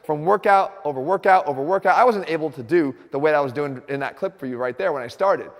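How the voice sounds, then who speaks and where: A man's voice: fairly high pitch, fast, long reverb tail. A man hosting an instructional fitness video, speaking earnestly and directly to his viewers.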